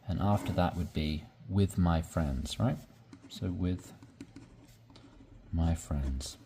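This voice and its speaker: A man's voice: low voice, slow pace, mellow, slight background noise. A man teaching English conversation, explaining sentence structure step by step and often checking in with "right?".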